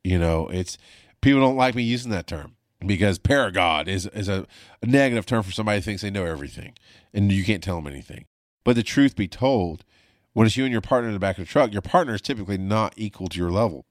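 A man's voice: lowish voice, expressive, fast talker, dry recording, studio quality. A man hosting his own show, a former paramedic telling stories in a blunt, profane, rambling way. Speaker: podcast host, former paramedic. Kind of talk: casual storytelling monologue.

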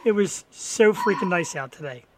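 A man's voice: high-pitched, animated, moderate pace, background noise. A man with a Philadelphia accent co-hosting a casual talk show, playful and jokey, hyping up his guest. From Philadelphia area, USA. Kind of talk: casual podcast chat.

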